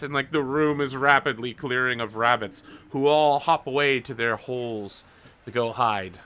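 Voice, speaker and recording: Bright-voiced male game master. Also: medium pitch. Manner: playful, quick narration with filler. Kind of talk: narrating a tabletop game.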